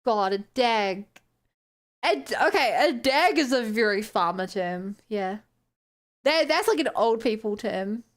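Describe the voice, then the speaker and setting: A young New Zealand-accented woman reads her stream chat in a casual, playful, incredulous manner, laughing and exclaiming in disbelief. Her fairly high voice is animated yet unhurried.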